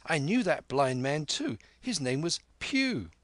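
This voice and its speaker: A man's voice: fairly high pitch, sing-song, measured pace, fairly bright tone, dry recording, pitched above the performer's own voice. A man voicing an earnest young cabin boy. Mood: eager.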